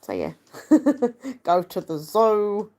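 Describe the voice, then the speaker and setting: A woman's voice: mid-range voice, animated, extremely slow, darkish tone. A young woman, chatting casually to camera in a rambling, self-deprecating way. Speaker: vlogger.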